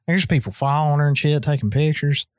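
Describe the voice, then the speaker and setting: Animated, profane man telling a story. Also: quick pace, clean tone, dry recording, clean studio sound. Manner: profane, animated storyteller with big pitch swings. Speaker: podcast co-host. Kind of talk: casual storytelling chat.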